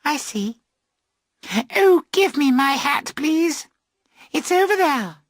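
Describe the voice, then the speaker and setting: A man voicing giddy young women towing a boat in a storybook reading, in a high, shrill, excited voice. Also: slow, no room sound, clean studio sound, heavily acted.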